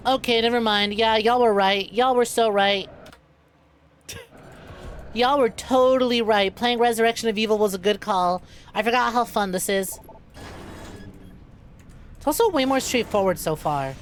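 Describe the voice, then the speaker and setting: A woman's voice: fairly high pitch, normal speed, long pauses, slight background noise. A young adult woman streaming a game, chatting playfully with her viewers and laughing often. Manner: playful, laughing, talks to chat as y'all. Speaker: VTuber streamer. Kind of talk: casual gameplay streaming chat.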